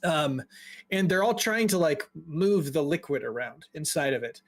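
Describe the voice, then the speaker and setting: A man narrating as game master of a tabletop game, relaxed and descriptive, with frequent ums. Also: a little high, normal speed.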